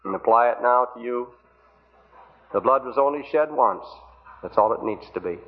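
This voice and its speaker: A man's voice: medium pitch, normal speed. A man preaching an evangelistic sermon, pleading earnestly with the congregation through rhetorical questions. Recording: tinny phone-like old recording.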